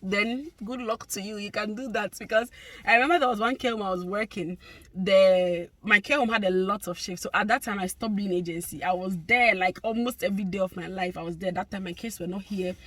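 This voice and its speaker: A woman's voice: mid-range voice, fairly quick, a bit bright, no room sound. A young adult woman, a healthcare worker, chatting casually to her vlog viewers, effusive and laughing often.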